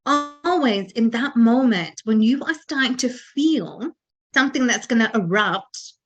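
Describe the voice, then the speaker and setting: Earnest, fairly high-voiced woman host. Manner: earnest, repetitive, with many restarts and fillers. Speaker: podcast co-host. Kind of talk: motivational talk.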